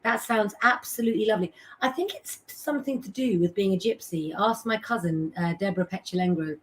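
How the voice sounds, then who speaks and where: A woman's voice: mid-range voice, brisk. A middle-aged woman hosting a casual live stream, chatting as she reads out viewers' names and messages and giving tarot advice.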